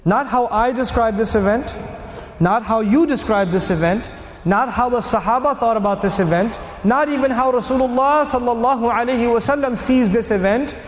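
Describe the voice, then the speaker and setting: Male preacher, lively storyteller, higher voice, long hall reverb. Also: normal speed. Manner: animated storyteller who acts out scenes. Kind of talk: sermon lecture. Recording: echoey hall.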